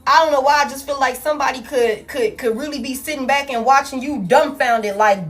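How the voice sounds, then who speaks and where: Over soft background music, a woman with a high-pitched voice does a tarot reading for her viewers, talking fairly quickly with hardly any pauses. Her talk is casual, blunt and profane, and she calls her audience "y'all."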